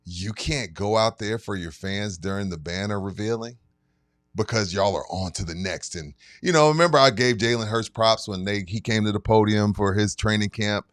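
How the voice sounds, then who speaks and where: A man's voice: fairly low pitch, moderate pace, a bit bright, no echo, clean studio sound. Heated, emphatic male podcast co-host. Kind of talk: casual sports chat.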